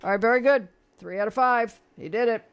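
High-voiced blunt radio host, a man. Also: fairly quick, clean tone, dull audio. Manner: opinionated, blunt and chatty. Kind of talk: call-in radio quiz chat.

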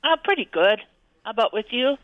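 A woman's voice: on the high side, expressive, fairly quick, dry recording, phone-quality sound. A woman calling in to a radio show, chatting in a friendly, chatty way and laughing easily. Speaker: radio caller. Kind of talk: casual chat on a phone-in show.

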